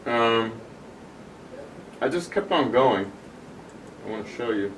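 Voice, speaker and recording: Here a man with a mid-range, slightly bright voice speaks slowly and expressively, picked up by a far-off room mic amid background noise. Demonstrating tuning software, he guides a small group through each step with patient, casual explanation.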